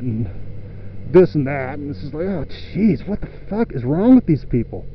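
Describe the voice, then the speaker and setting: A man's voice: high-pitched, lively intonation, normal speed. A man venting in a profane, exasperated rant while riding a motorcycle outdoors, filming his own vlog. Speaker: motorcycle vlogger. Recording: dull lo-fi audio with faint road noise.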